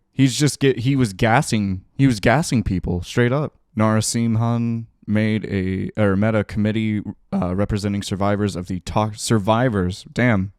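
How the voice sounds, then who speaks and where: A man's voice: lowish voice, darkish tone, clear, resonant tone, no room sound, studio quality. A male streamer giving casual reaction commentary while reading articles aloud, with sarcastic, profane asides.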